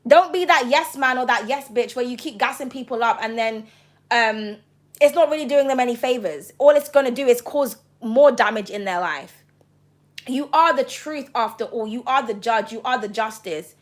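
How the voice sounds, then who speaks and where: Woman, high pitch, tarot reader to camera; passionate, blunt, profane delivery. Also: normal speed.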